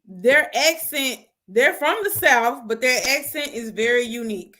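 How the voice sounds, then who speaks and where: High-voiced woman giving her take. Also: unhurried. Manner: animated and conversational, slangy. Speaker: host. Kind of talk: casual opinion talk.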